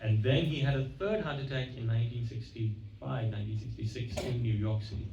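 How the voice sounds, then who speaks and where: A guest speaker gives a devotional lecture in a temple hall, telling stories conversationally, acting out quoted dialogue, and often correcting himself mid-sentence. His mid-range, mellow voice moves a little fast. The recording is echoey, distant and dull, with a little hiss or hum.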